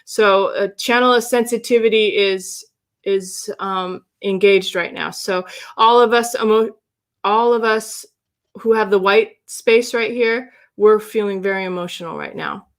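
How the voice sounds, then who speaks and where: A woman's voice: medium pitch, steady tone, a little slow. Affirming woman giving a spiritual reading. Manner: warm, affirming, meandering with restarts. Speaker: human design reader. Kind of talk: livestream reading, casual chat.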